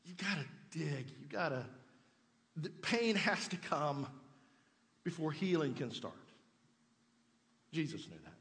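Guy with a pretty high voice giving a sermon, chatty, asks questions, long echo like a big church. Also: sing-song, slow pace, pauses often, fairly bright tone. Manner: conversational preaching with rhetorical questions. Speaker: pastor.

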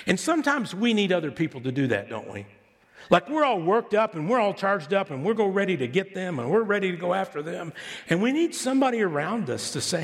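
A man preaching a sermon as pastor, conversational and animated, asking the congregation rhetorical questions. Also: high voice, brisk, slightly rough. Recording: reverberant hall.

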